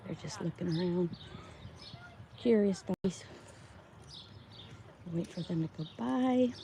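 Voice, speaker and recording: A woman chats in a slow, unhurried way with a mellow, soft-edged voice while she walks her dogs outdoors. She rambles on and laughs easily, filming herself on a handheld phone. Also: lowish voice, gravelly, slight background noise. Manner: chatty, rambling, laughs often. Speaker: dog-walking vlogger. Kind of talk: casual live walk-and-talk. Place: outdoors on a neighborhood street.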